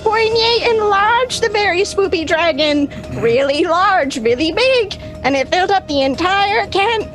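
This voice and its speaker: Woman putting on a shrill old-timey newscaster. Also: a bit bright. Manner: mock-formal newsreader delivery, dry asides. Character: brisk old-timey female news announcer. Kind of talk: comic recap in character.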